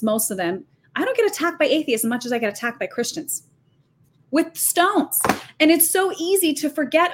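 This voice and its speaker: A woman guest on a faith podcast, talking in an animated, emphatic, preachy way, fast and full of restarts. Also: on the high side. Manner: talks fast with many restarts and fillers. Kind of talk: faith-based podcast conversation.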